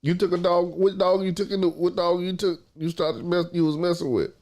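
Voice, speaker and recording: A man's voice: high-pitched, fairly even intonation, fairly quick, a little mellow. A man hosting a casual podcast about dog training, talking in teasing, slangy banter.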